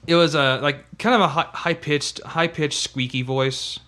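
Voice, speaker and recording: A man's voice: a little high, steady tone, a little slow, sharp tone. A man co-hosting a podcast in casual chat, rambling with restarts. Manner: rambling, with many restarts and fillers. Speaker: podcast co-host.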